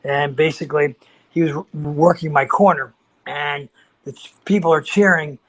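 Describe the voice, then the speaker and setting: A man's voice: fairly high pitch, moderate pace, rough recording. A man in his sixties, a martial arts grandmaster, telling stories as an interview guest with lots of restarts and acted-out quotes. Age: 60s. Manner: animated storyteller, acts out quoted voices, many restarts. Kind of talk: casual storytelling interview.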